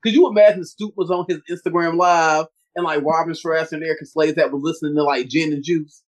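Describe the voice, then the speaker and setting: A man co-hosting a casual podcast, joking loudly and swearing freely. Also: on the high side, fast. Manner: animated, loud, profane joking. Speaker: podcast co-host. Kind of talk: casual chat.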